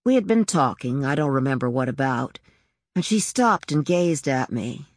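A woman reading scripted narration in a slow, measured, reflective way. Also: a bass voice, lively intonation, dry recording, studio quality. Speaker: audiobook narrator.

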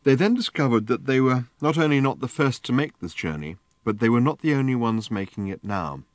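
A man reading an audiobook in measured, deadpan narration. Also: mid-range voice, no echo. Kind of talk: scripted narration.

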